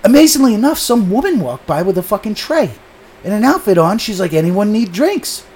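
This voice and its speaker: Swearing guy telling a story on a podcast, kinda high voice, light noise behind. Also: fairly quick. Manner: animated, profane storyteller. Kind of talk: casual storytelling chat.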